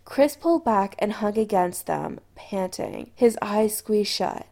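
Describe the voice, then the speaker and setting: A woman narrating a story aloud in an expressive, storytelling manner. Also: medium pitch, measured pace, gravelly. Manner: expressive storytelling with lively intonation. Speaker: audiobook narrator. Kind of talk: scripted narration.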